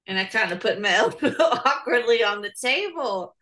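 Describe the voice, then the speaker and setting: A woman's voice: fairly high pitch, expressive, normal speed, a bit bright. A woman playing a tabletop game, chatty and joking. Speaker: player. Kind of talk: casual tabletop play.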